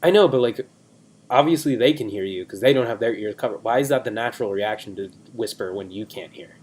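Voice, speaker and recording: A man's voice: fairly low pitch, brisk, a little mellow, breathy edge. A young man in his twenties, a podcast co-host, chatting in a rambling, self-deprecating way on a video call. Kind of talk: casual chat.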